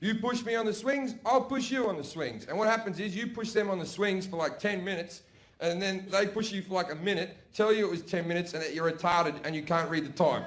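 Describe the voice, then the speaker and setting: A man's voice: high voice, brisk, a bit bright, a little hiss or hum. A man doing brash, profane stand-up storytelling on stage. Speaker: stand-up comedian. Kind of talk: stand-up comedy. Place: comedy stage before a laughing audience.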